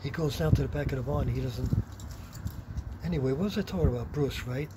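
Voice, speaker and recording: A middle-aged man, telling a rambling, profane workplace story in a blunt, gruff manner. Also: mid-range voice, a little fast. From Long Island, New York. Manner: blunt, heavy swearing, gruff. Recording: noisy background with vehicle sounds.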